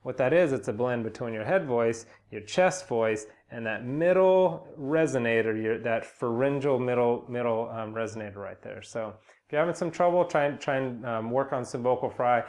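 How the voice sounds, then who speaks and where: Relaxed man teaching singing. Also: medium pitch, normal speed. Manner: relaxed, rambling, many fillers and restarts. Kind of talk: casual spoken vocal lesson with sung demonstrations.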